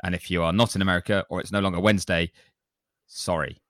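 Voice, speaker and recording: Deep-voiced man hosting a chat. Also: steady tone, fast talker, a bit bright, no room sound, clean studio sound. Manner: chatty, self-deprecating, reads reviews aloud. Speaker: podcast host. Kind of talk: casual chat, reading listener reviews.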